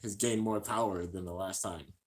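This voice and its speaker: A smug, arrogant young rival taunts in a quiet, mocking tone, as a man relays the lines while reacting to an anime. The voice sits a little low and stays near an everyday speaking voice. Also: steady tone, moderate pace, close to an everyday voice.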